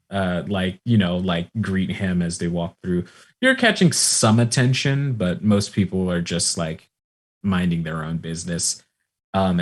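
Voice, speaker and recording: A man narrating as game master of a tabletop role-playing game, relaxed and rambling with many fillers. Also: low voice.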